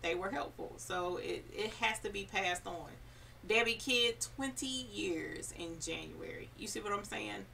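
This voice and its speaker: A woman's voice: medium pitch, unhurried, gravelly, bright, forceful tone, far from the mic, slight background noise. A woman hosting a casual live stream, chatty and encouraging, reading viewer comments aloud. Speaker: embroidery channel host.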